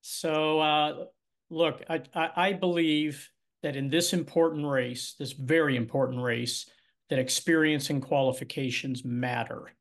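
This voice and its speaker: A man's voice: a little high, steady tone, measured pace. A man who is a congressional candidate speaks assertively over a video call at a forum, stressing his experience and qualifications. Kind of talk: candidate forum opening statement.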